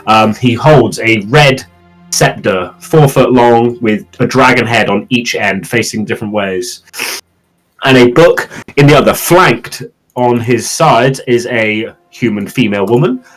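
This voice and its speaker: A man's voice: medium pitch, a little slow, soft background music, low-quality recording. A man narrating a tabletop game as game master, describing scenes loosely with many fillers.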